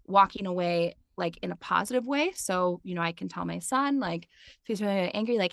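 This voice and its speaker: A woman's voice: medium pitch, moderate pace, gravelly, fairly bright tone, dry recording, studio quality. A woman in her thirties, a podcast guest and mindfulness teacher, talking in a chatty way with lots of filler words. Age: 30s. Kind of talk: casual interview chat.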